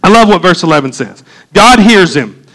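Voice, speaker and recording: A middle-aged man preaching a sermon as pastor, animated and conversational, with frequent asides. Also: high voice, normal speed, low-quality recording.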